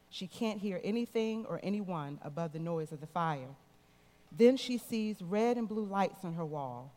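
A woman speaking to her church, earnestly telling a story and leading a prayer, recorded in a reverberant sanctuary. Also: fairly low pitch. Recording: long reverb in a large hall.

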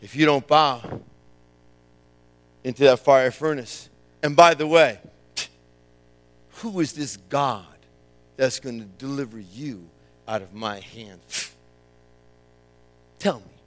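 A man voicing a haughty tyrant king who speaks in commanding, quick, threatening tones. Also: mid-range voice, fairly bright tone, pitched below the performer's own voice, rough recording. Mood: menacing.

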